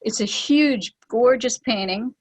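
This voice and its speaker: A woman leading a spiritual online gathering, telling a story with lively acted-out quotes and laughs. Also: a little high, slow pace, rough recording. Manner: animated, acts out quoted voices with laughs. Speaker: spiritual teacher and ceremony leader. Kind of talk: storytelling talk on an online call.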